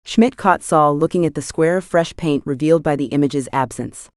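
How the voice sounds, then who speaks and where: Low-voiced woman narrating an audiobook. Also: moderate pace, darkish tone, dry recording, studio quality.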